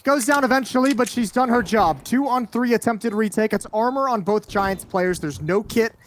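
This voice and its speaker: Esports caster over loud game gunfire. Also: male voice, high-pitched, a little hiss or hum. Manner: quick play-by-play with wry self-deprecating asides. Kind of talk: live play-by-play commentary. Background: gunshots and clicks from the game.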